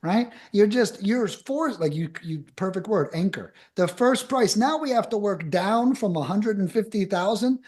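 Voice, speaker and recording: A man on a podcast as a guest, giving blunt, emphatic advice in fast bursts with casual swearing. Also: sits high, animated, darkish tone.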